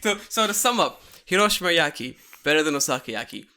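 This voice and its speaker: Tipsy male podcast host, rambling casual chat, bright and animated. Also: on the high side, quick pace, smooth. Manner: swearing, laughing, rambling after drinking. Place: Japan.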